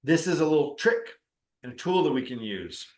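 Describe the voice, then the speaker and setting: A middle-aged man with a slightly high voice tells a story about spiritual practice in a relaxed, conversational way. He drifts into the voices of the people in his story as he goes. The recording has a noticeable roomy echo. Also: normal speed. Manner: conversational, acts out quoted dialogue. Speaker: spiritual teacher and counselor.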